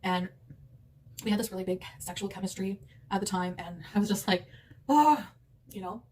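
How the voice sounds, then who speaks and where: A woman with a mid-range, level-toned voice talks briskly while eating a big meal at home in a mukbang. She rambles, chats casually, and laughs often. The mic is distant and picks up background noise.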